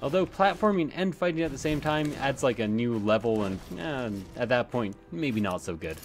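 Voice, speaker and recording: Guy doing let's play commentary, chatty and sweary, normal pitch, bit of game music under him. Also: animated, moderate pace. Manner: chatty, swears often, rambling asides. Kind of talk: casual gameplay commentary.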